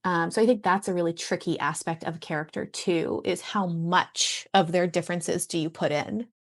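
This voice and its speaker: A woman who writes and teaches writing, chatting casually on a podcast and pausing often to find her thoughts. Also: on the low side, steady tone. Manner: thoughtful, trails off and restarts while thinking.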